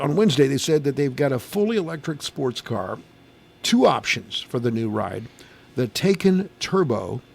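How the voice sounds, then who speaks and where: A middle-aged man with a slightly high, creaky voice hosts a morning radio show from the studio. He reads news items, then chats and banters casually with his co-hosts, laughing along the way.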